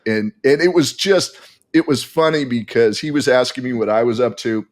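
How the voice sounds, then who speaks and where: A man in a casual podcast chat, telling long stories in an animated, rambling way. His voice sits at a middle pitch. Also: moderate pace. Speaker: golf equipment testing guest.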